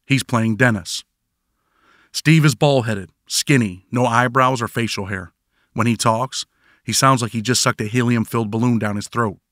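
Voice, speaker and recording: A man's voice: medium pitch, a bit bright, dry recording. A man narrating his own prison memoir in first person, with dry, wry storytelling.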